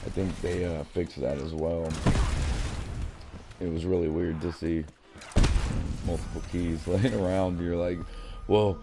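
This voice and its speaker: A man's voice: deep voice, flat delivery, measured pace, long pauses, very noisy. A man chatting as he streams a game, in a rambling, chatty manner. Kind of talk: casual gameplay commentary.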